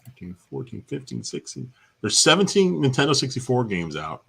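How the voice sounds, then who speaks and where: A husky man with a bright, lively voice co-hosts a casual chat show about games. He swings his pitch widely as he tells stories, and he laughs often. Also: normal speed. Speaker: co-host of a retro gaming chat show.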